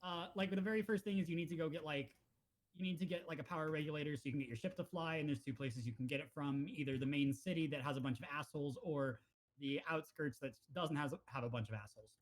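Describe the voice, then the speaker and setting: A man co-hosting a casual podcast, retelling his video game exploits with lively acted-out dialogue. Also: a little high, quick pace. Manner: animated storyteller, acts out game characters' lines. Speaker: podcast co-host. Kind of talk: casual gaming chat.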